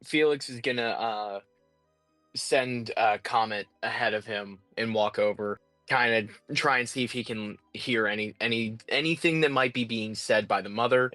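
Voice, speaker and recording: Hesitant, lowish-voiced male player. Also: fairly bright tone, dry recording. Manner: hesitant, with many fillers. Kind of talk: tabletop role-play chat.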